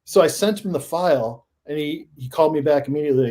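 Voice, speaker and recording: A man guest on a paranormal podcast, telling his stories in a casual, animated way that rises into excited emphasis. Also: a little high, quick pace, hardly any pauses. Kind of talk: casual storytelling in a podcast interview.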